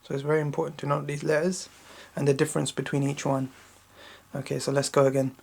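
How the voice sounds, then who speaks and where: A man teaching children to recite a Quran chapter, explaining letter sounds slowly and often checking in with "yeah?". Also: monotone, gravelly. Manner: slow, repetitive explaining with frequent checking "yeah?"; intones Arabic verses louder and higher when reciting. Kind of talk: patient recitation lesson for children.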